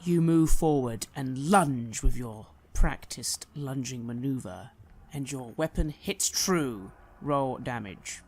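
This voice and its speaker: A man's voice: medium pitch, slow pace, few pauses, darkish tone. A man narrating a tabletop horror game as game master, telling the story dramatically.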